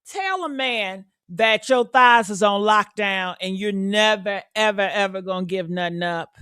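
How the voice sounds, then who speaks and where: A woman's voice: mid-range voice, a little slow, sharp tone, clean tone, no room sound, studio quality. A woman hosting reaction commentary, talking in a sassy, blunt, profane and preachy way. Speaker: commentary host.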